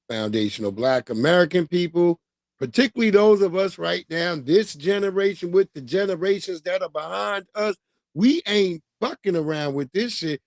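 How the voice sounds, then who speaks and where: A man in his forties hosting a livestream, giving animated, profane casual commentary and laughing often. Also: on the high side, dry recording, studio quality. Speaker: livestream host.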